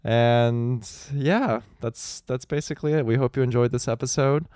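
A man's voice: mid-range voice, normal speed, a little mellow, clean tone, no echo, clean studio sound. A man co-hosting a podcast in casual chat, laid-back and joking, swearing now and then. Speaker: podcast co-host.

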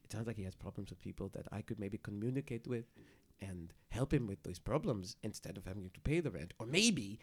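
A man's voice: on the low side, lively intonation, fairly quick. A man co-hosting a podcast, acting in an improvised comedy sketch with a theatrical, exasperated manner. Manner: theatrical, exasperated, swings loud and soft. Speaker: podcast co-host.

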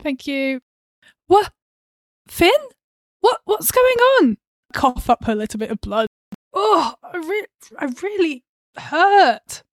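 A woman chatting casually as a player in a tabletop game, playful and quick to laugh. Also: sits high, very animated, no echo, studio quality.

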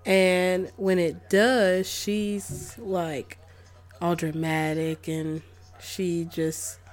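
Young woman, casual film reviewer; unhurried, slightly low voice, sassy and disbelieving. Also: flat delivery. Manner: chatty, incredulous, sassy asides. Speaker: movie reviewer. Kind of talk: casual spoken movie review.

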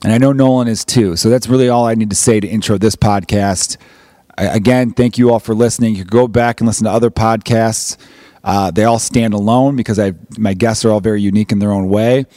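Casual Chicago podcast host, dry sound. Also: male voice, lowish voice, steady tone, fairly quick, mellow, dry recording. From United States. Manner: rambling, profane, joking.

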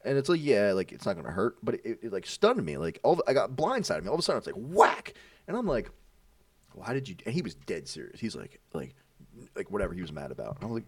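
A young man casually telling animated stories among friends, swearing freely and acting out what people said. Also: on the low side, quick pace, no room sound, recorded from a distance.

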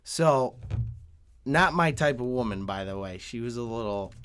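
A young man telling a story in casual chat, swearing often, laughing and getting animated. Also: mid-range voice, a little slow, a little hiss or hum.

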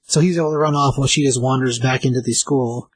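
A man casually recapping a comic book page by page, rambling with lots of fillers and slipping into quick voices for the characters. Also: medium pitch, steady tone, breathy edge, dry recording, poor audio.

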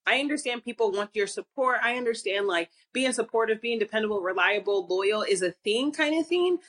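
A woman's voice: on the high side, fairly quick. Young woman telling a story on a podcast. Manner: expressive storyteller, acts out quotes. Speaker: podcast co-host. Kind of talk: casual chat.

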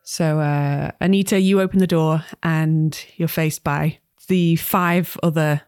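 A woman's voice: deep voice, steady tone, slow, a little mellow, no room sound, studio quality. A woman running a tabletop game as game master, giggly and self-mocking as she narrates.

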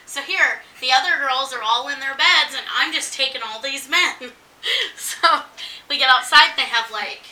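A high, very bright woman telling a story in casual chat. Her voice rings in an echoey room and she sits a little back from the mic. She talks in an animated way, acting out the quotes. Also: moderate pace, distant mic.

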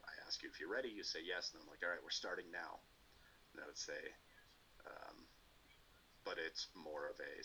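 A man with a very low voice and a bright, forceful edge, co-hosting a loose chat show. He rambles through explanations and acts out what people say. A faint hiss sits under the recording. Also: rough recording. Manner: rambling, animated explanations with acted-out quotes. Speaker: podcast co-host. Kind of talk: casual chat.

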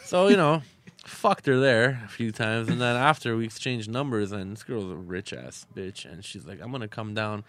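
A man in a middle-pitched voice tells crude stories from battle rap and his travels, swearing and laughing as he goes. His talk is loose and boastful, like a guest chatting on a show recorded in a bar. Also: lively intonation, moderate pace, fairly bright tone. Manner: profane, boastful, laughs often. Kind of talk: crude casual storytelling.

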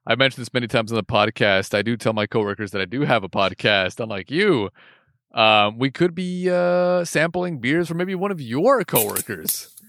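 A man's voice: mid-range voice, expressive, normal speed, fairly bright tone, no echo, studio quality. A man co-hosting a casual drink-tasting podcast, laughing often and teasing his co-host.

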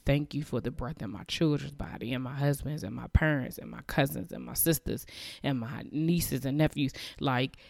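A woman's voice: very deep voice, moderate pace, gravelly, a little mellow, no room sound, studio quality. A woman hosting a podcast, giving a heartfelt, emotional, faith-based message of encouragement. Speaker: podcast host.

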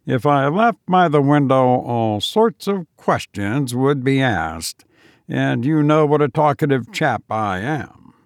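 A man's voice: medium pitch, animated, takes it slowly, no echo, studio quality. A man voicing a broke young schemer with a light, mocking manner.

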